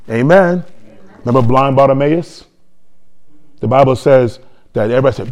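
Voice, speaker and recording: A man preaching a sermon, telling a story quietly and then building to loud, shouted praise. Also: medium pitch, a little fast, pauses often. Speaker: pastor.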